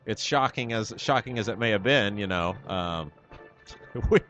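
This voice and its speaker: A man's voice: on the low side, animated, measured pace, fairly bright tone, soft background music. A man doing color commentary at a basketball game, rambling into joking side stories.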